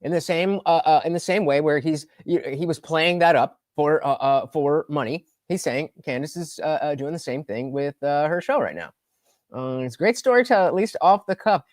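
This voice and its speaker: A man's voice: on the high side, normal speed, no echo, clean studio sound. A man commenting on a live stream in a chatty way, greeting viewers by name. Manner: chatty, greets viewers, lively ups and downs. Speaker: streamer reacting to a clip.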